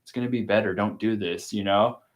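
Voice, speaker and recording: A man's voice: lowish voice, fairly even intonation, brisk. A man in casual chat, hosting and retelling a movie in a rambling, profane way. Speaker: podcast host.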